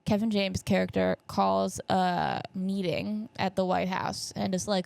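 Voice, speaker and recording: A woman's voice: medium pitch, flat delivery, normal speed, vocal fry, few pauses, a little mellow, no echo. A young woman in her twenties hosting her own podcast, chatting casually and rambling about movies with plenty of fillers and asides, her nose a bit stuffy. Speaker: podcast host. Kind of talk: casual solo podcast recap. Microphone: camera setup.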